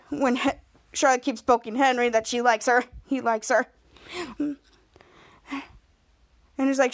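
A woman's voice: high voice, fairly even intonation, moderate pace, long pauses. A woman hosting a podcast, casually retelling a TV episode scene by scene with frequent restarts. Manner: rambling retelling with restarts, acting out quoted lines. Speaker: podcast host.

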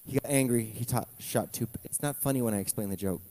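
A man's voice: mid-range voice, fast talker, dark tone. A male pastor preaching a conversational sermon with asides to the congregation. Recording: long reverb from a church hall.

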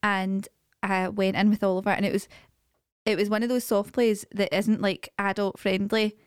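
A woman's voice: medium pitch, little pitch movement, normal speed, clear, resonant tone, no echo. Scottish woman, chatty podcast co-host, dramatic anecdotes, dry close sound. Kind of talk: casual chat.

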